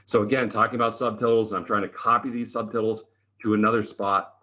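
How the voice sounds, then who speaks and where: A middle-aged man with a fairly low voice talks through spreadsheet tricks on a video call. He tells stories in an enthusiastic, chatty way and keeps checking in with his listeners. The audio sounds slightly dull and lo-fi. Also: flat delivery, fast, pushed and bright. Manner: chatty, enthusiastic, tag questions like "right?". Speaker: Excel trainer and presenter. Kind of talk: lively storytelling webinar talk.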